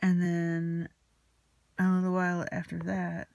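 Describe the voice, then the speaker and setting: Creaky-voiced anxious woman confiding. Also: fairly low pitch, monotone, unhurried, a little mellow, dry recording. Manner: anxious, rambling, retelling a quarrel with quoted dialogue. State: emotionally shaken. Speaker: vlogger. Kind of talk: confessional personal storytelling.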